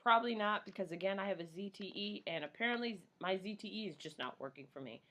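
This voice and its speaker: A woman's voice: mid-range voice, animated, fast, fairly bright tone. A woman in her thirties vlogging casually while doing her makeup, rambling, swearing and poking fun at herself. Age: 30s. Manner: rambling, profane and self-mocking.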